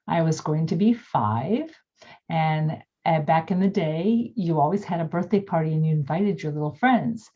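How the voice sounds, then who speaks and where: An older woman reflectively telling a personal childhood story over a video call, pausing with many fillers. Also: low-pitched, expressive, dull audio. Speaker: workshop participant.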